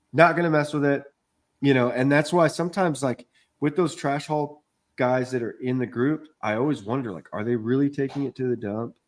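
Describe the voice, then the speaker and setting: A man in casual podcast chat, telling a long job-site story in a rambling way, swearing often and acting out what people said. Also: mid-range voice. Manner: rambling storytelling, swears a lot, acts out quotes. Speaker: podcast co-host, contractor.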